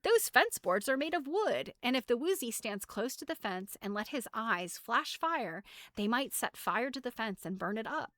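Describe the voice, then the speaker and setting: A woman voicing a lively, gleeful patchwork rag-doll girl who talks in a bubbly, quick-witted way. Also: on the high side, no echo, studio quality.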